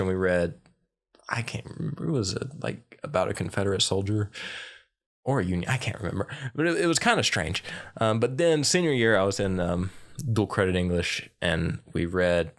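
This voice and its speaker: A young man co-hosting a podcast, rambling casually with lots of ums and likes. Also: deep voice. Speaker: podcast co-host. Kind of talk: casual chat.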